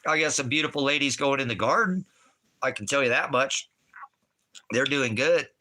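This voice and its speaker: A man's voice: medium pitch, normal speed, pushed and bright. A man from Oregon ranting casually on a livestream from his farmhouse, swearing, rambling and talking straight to his viewers. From Oregon, USA. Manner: profane, rambling, talks straight to the chat. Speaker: livestreaming vlogger. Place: indoors at home on a farm.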